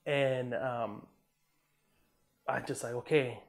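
An Army combat veteran from Southern California tells a war story in a laid-back, profane interview, sprinkling in "man" and "you know" and acting out the quotes. His voice is medium-pitched with vocal fry, and he talks slowly.

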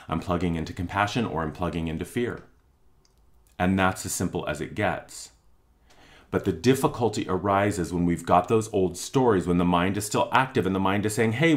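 A man's voice: low voice, moderate pace. A man giving a spiritual monthly forecast talk, earnest and emphatic, repeating phrases for effect. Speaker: spiritual teacher.

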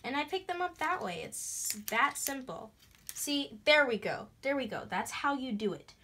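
A young woman chatting through a craft tutorial in a bubbly, excitable way, breaking into gasps and squeals. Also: high-pitched, moderate pace, husky. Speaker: craft vlogger. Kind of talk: casual DIY tutorial chat.

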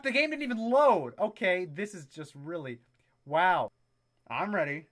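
A young adult commenting on a video game in a comedic let's-play style, with loud, excitable exclamations, frequent swearing and sarcastic asides. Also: medium pitch, a little slow. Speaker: gameplay commentator.

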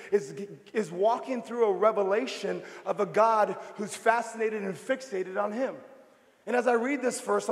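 A man, preaching a lively, comic sermon and telling stories in an animated way. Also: sits high. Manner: animated storytelling with comic voices. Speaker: pastor, guest preacher. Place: large church auditorium. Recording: reverberant hall.

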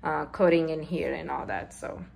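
A woman's voice: low-pitched, steady tone, gravelly, a little mellow. A middle-aged woman casually narrating a home repair vlog, rambling with many fillers and out of breath from the effort. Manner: rambling, halting, with frequent fillers. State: out of breath from pulling. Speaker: home vlogger.

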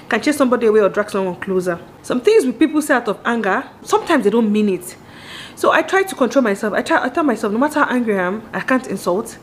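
A brisk Nigerian woman in her thirties talks straight to her viewers about marriage, quick and lively, now and then slipping into the voices of the people she quotes. Her voice sits a little high for a woman. A faint hum of noise stays under the recording. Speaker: vlogger. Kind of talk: candid monologue on marriage.

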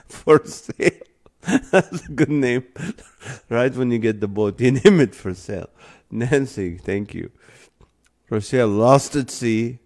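A man reads viewer comments aloud on his live stream, unhurried and drawn out. He keeps breaking into laughter, sometimes to tears. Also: medium pitch, expressive, darkish tone. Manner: laughs often while reading; slow, drawn-out delivery.

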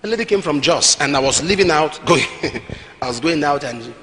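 A man with a Nigerian accent preaching a sermon, telling stories animatedly with bursts of shouting. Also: a little high, sing-song, fairly quick. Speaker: apostle, preacher.

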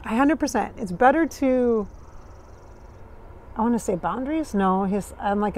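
A woman's voice: on the high side, expressive, measured pace, long pauses, darkish tone, a little hiss or hum. A woman from Minnesota, channeling in a chatty way with dry sarcastic humor, recorded outdoors at sunrise. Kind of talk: casual spiritual channeling talk.

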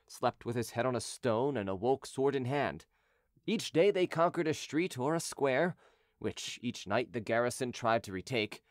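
A man narrates an audiobook in a steady, measured voice. His pitch sits in the middle range. The recording is dry and close to the mic. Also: no room sound. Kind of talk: scripted narration.

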